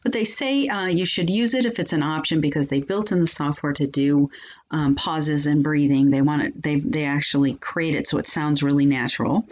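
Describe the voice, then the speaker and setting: Chatty low-voiced woman reviewer. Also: normal speed, darkish tone, lo-fi sound. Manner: chatty, many ums and restarts. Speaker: software reviewer and channel host. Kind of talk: casual screen-recording walkthrough.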